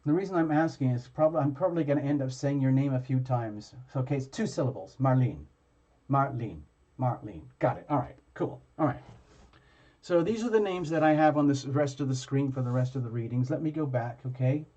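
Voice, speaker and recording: A man's voice: mid-range voice, dark tone, dull audio. Rambling man hosting a live tarot stream. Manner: chatty, halting, many fillers and restarts. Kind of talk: casual live-stream chat.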